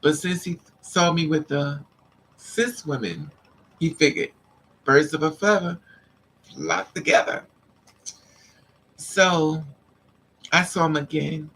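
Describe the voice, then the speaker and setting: A woman vlogger telling a story in a casual, animated way, repeating lines for emphasis and acting out what men said to her. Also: low voice, slow pace, long pauses, a little hiss or hum, rough recording. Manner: acts out the men's lines in quotes.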